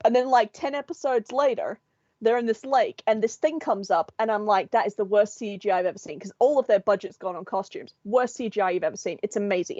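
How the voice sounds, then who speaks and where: A woman's voice: mid-range voice, a little mellow, no echo. Woman co-host, casual chat, swears freely and laughs mid-story; dull, dry recording. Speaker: podcast co-host.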